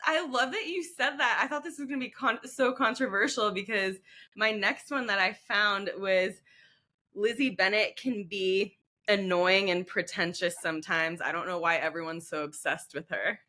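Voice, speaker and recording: A woman's voice: mid-range voice, moderate pace, pushed and bright. A woman co-hosting a podcast in casual chat, earnest and opinionated, with emphatic asides. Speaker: podcast co-host.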